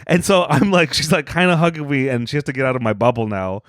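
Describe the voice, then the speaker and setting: A young man spins a loose, rambling anecdote on a comedy podcast, circling back and restarting his sentences as he goes. The voice sits at an ordinary middle pitch and sounds close and dry, with no room around it. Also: animated, fast talker, fairly bright tone, dry recording. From Hispanic heritage. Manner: rambling, restarts often, acts out quoted voices. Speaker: podcast co-host. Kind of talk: casual comedic storytelling.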